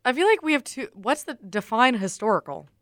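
A young adult woman co-hosting a casual podcast, chatty and excitable, peppering her speech with "like". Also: on the high side, fairly quick, dry recording. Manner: chatty and excitable, heavy use of "like". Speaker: podcast co-host. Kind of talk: casual chat.

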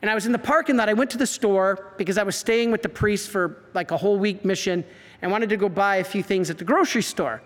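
A man, a priest giving an animated talk full of stories and acted-out quotes. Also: high voice, fast. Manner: animated storyteller, acts out quotes. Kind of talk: preaching talk. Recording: reverberant hall.

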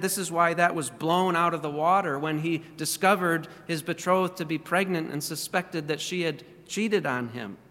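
A man's voice: fairly high pitch, a bit bright, in a large hall. A man preaching a sermon in a church, earnest and full of rhetorical questions. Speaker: pastor.

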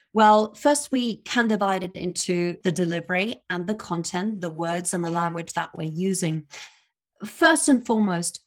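A woman giving confident, emphatic expert advice as a guest in a podcast interview, laughing now and then at her own points. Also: medium pitch. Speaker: communication coach, guest.

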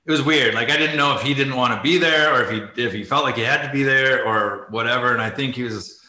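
A middle-aged man talks over a video call from an echoey room, and his voice sounds bright and forward. He rambles through his stories, leans on "like", laughs in between, and sounds tearful at moments. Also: medium pitch, fast talker. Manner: rambling, says "like" often, laughs while telling. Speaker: interview guest, former ice hockey player. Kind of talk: casual interview storytelling.

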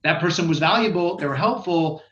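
Brief: man, mid-high voice, animated and explanatory, roomy and somewhat dull lo-fi recording. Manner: animated, explanatory, quick bursts and frequent restarts. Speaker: guest expert on sales research. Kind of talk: casual podcast conversation.

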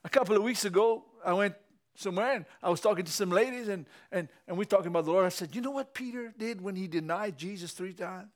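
A man preaches a sermon at a quick pace, laughing often. He swings between low storytelling and loud, shouting exhortation.

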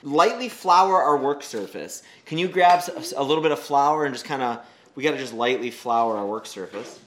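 Lively man baking in a home kitchen. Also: on the high side. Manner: reads recipe steps aloud, hesitant and joking. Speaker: host baking with his child. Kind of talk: casual home cooking chat.

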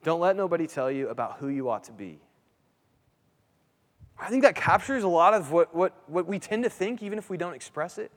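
A man's voice: fairly high pitch, expressive, a little fast. A man in his thirties preaching a sermon in a conversational way, restarting phrases and asking his listeners "right?". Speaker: pastor. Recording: long hall reverb.

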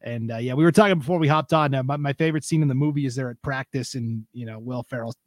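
A young adult man hosting a casual high school sports podcast, upbeat and joking with his co-host. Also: fast, no echo.

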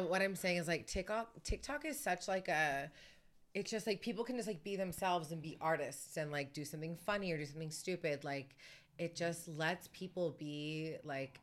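Female guest, chatty and rambling, frequent fillers and laughter, slightly low voice. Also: normal speed. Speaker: guest co-host. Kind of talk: casual chat. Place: home, recorded in person.

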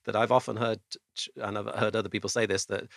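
A man's voice: lowish voice, little pitch movement, quick pace, gravelly, fairly bright tone, no echo, clean studio sound. A man from England hosting a casual group chat, hesitant and often stammering.

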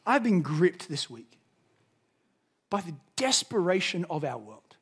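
Australian male pastor, fairly high voice, passionate sermon delivery that drops to near-whispers for emphasis. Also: very animated, unhurried, slightly rough. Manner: passionate preaching, swinging from loud emphasis to hushed intensity.

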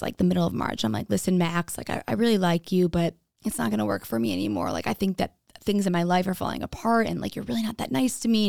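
A woman's voice: medium pitch, gravelly, a little mellow, no room sound, clean studio sound. Candid woman telling a personal story. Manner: candid, frequent "like", acts out quoted dialogue. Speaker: speaker telling her own story.

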